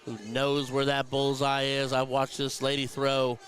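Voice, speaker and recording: A man's voice: mid-range voice, monotone, unhurried, fairly bright tone. A man hosting a live darts tournament stream, chatting and commentating in a heartfelt, emotional way.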